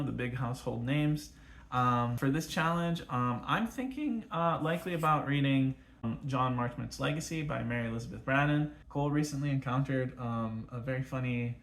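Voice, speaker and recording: A man's voice: mid-range voice, fairly bright tone. A man co-hosting a casual book chat, talking with frequent ums and uhs. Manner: hesitant, many ums and uhs. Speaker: co-host of a book channel. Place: United States.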